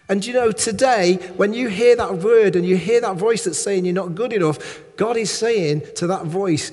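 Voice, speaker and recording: A man's voice: high voice, moderate pace, darkish tone, long reverb tail. A man preaching a sermon in a conversational way, checking in with listeners and adding humorous asides.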